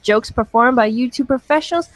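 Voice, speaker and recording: A prim, high-voiced announcer reads a mock radio disclaimer, as a man puts her on. The sound is dry and close. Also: a little fast, a bit bright, no room sound. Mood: announcing.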